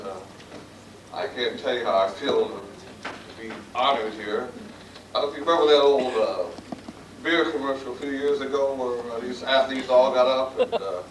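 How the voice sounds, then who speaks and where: A man's voice: mid-range voice, a little hiss or hum. A man with a Midwestern American accent giving a folksy, self-deprecating acceptance speech full of jokes in a banquet room. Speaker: award recipient giving a speech. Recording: echoey hall taped from far off, loud crowd. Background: crowd murmur and laughter.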